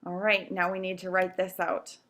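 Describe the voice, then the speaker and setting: A woman's voice: lowish voice, completely flat delivery, normal speed, a bit bright. A woman teacher explaining grammar rules step by step in a recorded video lesson, patient and checking in with "okay?" often. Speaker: Spanish teacher.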